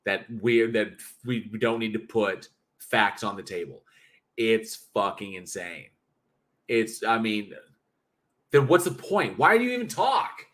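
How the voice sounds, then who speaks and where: A man hosting a livestream, reading chat comments and ranting bluntly with plenty of swearing. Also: fairly high pitch. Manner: blunt, profane, animated ranting. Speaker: livestream host.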